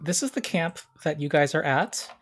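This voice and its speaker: A game master running a tabletop game over a video call, relaxed and quick to laugh. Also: mid-range voice, a little hiss or hum.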